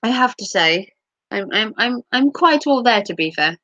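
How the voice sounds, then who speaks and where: A woman's voice: fairly high pitch, animated, moderate pace, pushed and bright, no echo, muffled recording. A middle-aged woman hosting a casual livestream, teasing viewers and reading their comments, her voice a little sore. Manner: playful, teasing, giggly. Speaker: livestream host. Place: home, streaming.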